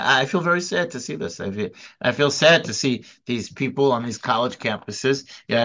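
A man gives a religious study class in a bright, forceful voice. He is earnest and emphatic, and his speech keeps stalling on repeated words and restarts. The recording is dull and lo-fi. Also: mid-range voice. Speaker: Torah class teacher. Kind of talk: informal recorded lecture.

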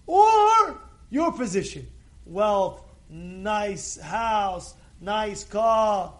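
A man with a notably high voice leads a casual Torah class, pressing his point over and over. He drops to near-mutters, then rises to forceful, shouted exhortations, sprinkling in Hebrew blessings as he goes. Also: extremely slow. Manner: animated, swings from quiet asides to shouted exhortations, repeats phrases; peppers speech with Hebrew blessings. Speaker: rabbi giving a Torah class. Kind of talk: informal Torah talk to a live group.

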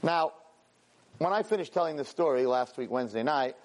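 A man teaching a weekly class, telling a story with lively energy, stumbling over and repeating words and acting out the characters' lines. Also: fairly high pitch, fairly quick. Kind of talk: animated storytelling lesson.

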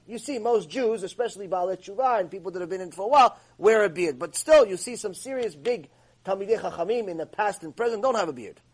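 A man teaching a long religious lecture, telling stories in an animated way and acting out the voices. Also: sits high, husky. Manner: animated storytelling, acts out voices.

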